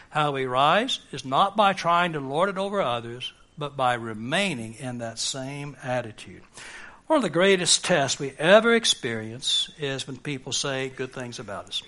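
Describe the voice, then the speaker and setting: Bright-voiced male preacher. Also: fairly high pitch. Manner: earnest, rising to emphatic peaks. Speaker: pastor. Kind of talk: sermon.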